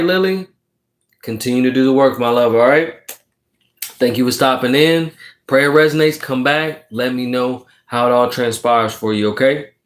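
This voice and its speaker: Male livestream card reader, mid-pitched, emphatic and preachy, keeps checking in with viewers. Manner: swears casually while encouraging. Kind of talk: casual livestream chat, reading viewer comments.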